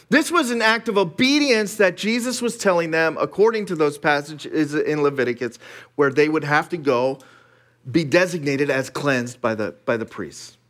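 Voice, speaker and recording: A man with a fairly high voice delivers a sermon. His delivery is animated and conversational, full of casual asides. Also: normal speed. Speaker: pastor.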